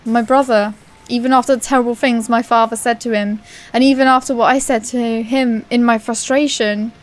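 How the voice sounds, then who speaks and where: A woman's voice: a little high, steady tone, normal speed, natural voice. A woman voicing a young woman mourning her slain brother in a proud, bitter lament. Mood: grieving.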